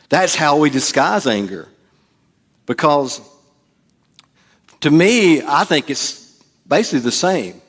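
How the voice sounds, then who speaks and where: A man's voice: a little high, lively intonation, slow pace, pauses often. A man preaching a sermon as pastor, in a casual, joking way and acting out quotes. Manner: conversational preaching with jokes and acted-out quotes. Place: church.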